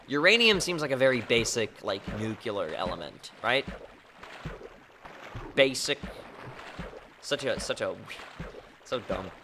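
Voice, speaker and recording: A man's voice: mid-range voice, noisy background. A man live streaming a game, chatting casually and joking offhand in reply to his chat.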